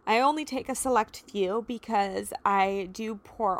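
A woman's voice: mid-range voice, measured pace, hardly any pauses. A woman in her thirties hosting a solo podcast, talking in an emotional, earnest, encouraging way with many "you know"s and "like"s. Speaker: podcast host and life coach. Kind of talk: heartfelt solo podcast talk.

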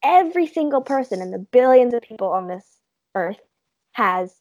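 A chatty, giggly woman co-hosting a casual podcast in a fairly high voice. She trails off into fillers as she talks her thoughts through. The sound is dry and close. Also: animated, normal speed, darkish tone, no echo, muffled recording. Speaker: podcast co-host. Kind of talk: casual chat.

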